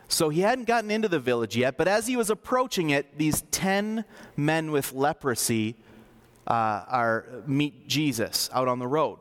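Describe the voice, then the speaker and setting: A man preaching a sermon as pastor, talking conversationally and acting out scripture scenes, dropping low and soft for emphasis.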